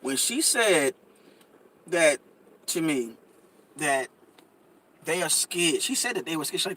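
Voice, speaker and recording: A man with a high, light voice holding forth in casual podcast talk. He is emphatic and repetitive, stacking restarts and stutters as he tells a story and heats up. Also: big pitch swings, slow, pauses often, a bit bright, poor audio. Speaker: podcast co-host. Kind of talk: casual conversational commentary.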